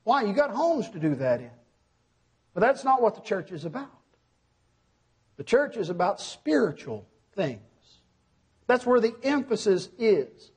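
A middle-aged male preacher delivering a sermon with a high, husky voice. He is emphatic and keeps throwing questions at the congregation, then answers them himself. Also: sing-song, a little slow, long pauses, darkish tone.

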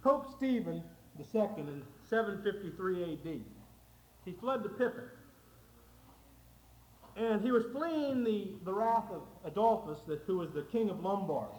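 Guy preaching a sermon, high voice, lots of room echo, tells it like a story. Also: expressive, a little slow, a little mellow.

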